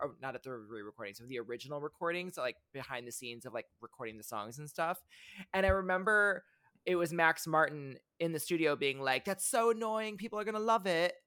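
A man's voice: a little high, pushed and bright. A man co-hosting a casual pop culture podcast, rambling with frequent restarts as he gives passionate fan opinions. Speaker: podcast co-host.

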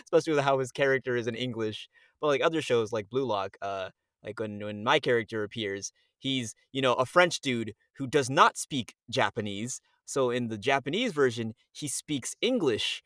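A young man from Miami chats casually as a guest voice actor on a podcast. He tells stories with energy and slips into quick voices for the people he quotes. His voice sounds dry and close, with no room echo. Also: mid-range voice. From Miami, USA. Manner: animated storyteller, acts out quotes.

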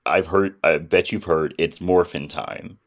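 A man's voice: sits low, measured pace. A man co-hosting a podcast, casually recapping a movie's plot and acting out its characters' lines. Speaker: podcast co-host.

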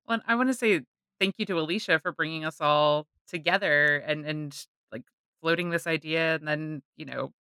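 A woman co-hosting a podcast in casual chat, animated and prone to tangents. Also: low-pitched, normal speed, clear, resonant tone, dry recording, studio quality. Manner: chatty, animated, trails into tangents. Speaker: podcast co-host.

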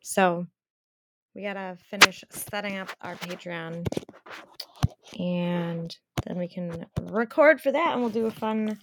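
A woman's voice: lowish voice, takes it slowly, heavy background noise. Teasing woman podcast co-host. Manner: teasing, laughs often. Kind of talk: casual chat.

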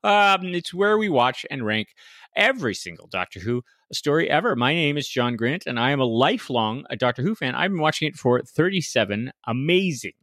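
A man in his forties chats as a podcast co-host, his voice bright and bouncing up and down. He jokes along with plenty of little fillers. The sound is close and dry. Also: mid-range voice, big pitch swings, brisk, dry recording. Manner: jokey, hesitant with fillers. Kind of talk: casual chat.

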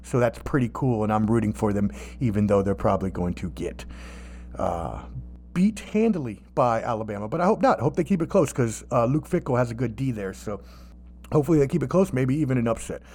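Dude hosting a sports podcast, swears a lot, gets all animated making fun of people. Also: male voice, medium pitch, fairly quick. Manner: animated, profane, mocking asides. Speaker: podcast host. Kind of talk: casual sports chat.

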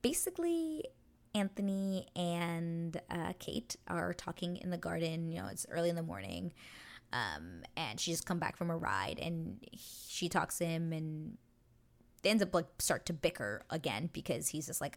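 A woman's voice: lowish voice, very animated, moderate pace, creaky. A woman hosting a podcast, chatting casually and rambling with lots of "like" as she recaps a TV episode and acts out the characters' lines. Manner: gushing, rambling, heavy use of "like". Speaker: podcast host.

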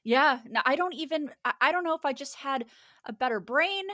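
A woman's voice: sits high, animated, fairly quick, sharp tone, no echo, clean studio sound. A woman co-hosting a podcast in casual chat, talkative and laughing easily. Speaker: podcast co-host.

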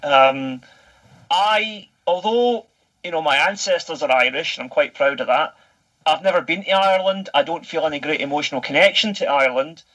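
A Scottish man in his thirties talking on a casual podcast, his voice pitched a little high and very bright. He tells his stories in an animated, chatty way and swears without a second thought. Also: normal speed, low-quality recording. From Scotland. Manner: animated storytelling, swears freely. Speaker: podcast guest.

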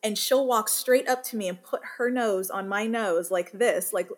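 A woman in her thirties, a working mother and podcast guest, telling family stories in a lively way and laughing as she talks. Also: mid-range voice, moderate pace. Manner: animated storyteller, laughs while talking. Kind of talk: casual interview chat.

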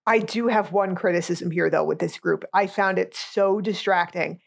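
A woman's voice: on the low side, moderate pace, vocal fry. A woman co-hosting a podcast, chatting casually about a movie in a blunt, sarcastic, sweary way. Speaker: podcast co-host.

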